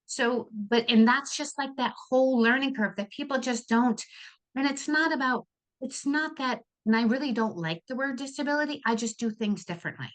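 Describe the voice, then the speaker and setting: Woman in her fifties, fairly high voice, animated, restarts sentences, laughs easily, casual interview guest. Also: normal speed. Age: 50s. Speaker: guest, therapeutic riding founder.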